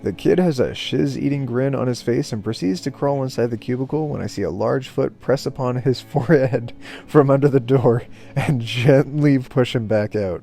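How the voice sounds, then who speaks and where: A man's voice: mid-range voice, moderate pace, gravelly, dark tone, soft background music. A man hosting a YouTube channel, reading Reddit stories aloud in a casual, amused way and chuckling along. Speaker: YouTube storyteller.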